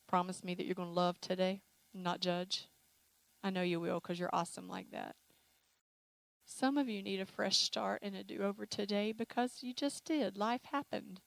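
A woman's voice: medium pitch, gravelly, dry recording, low-quality recording. Emotional woman preaching, dry close sound. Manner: emotional, animated, playful with acted asides. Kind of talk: sermon with altar call. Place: church sanctuary.

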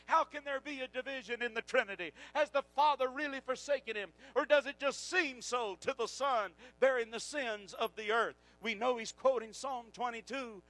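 A man preaching a sermon, swinging from hushed passages to shouted climaxes. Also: very high voice, poor audio.

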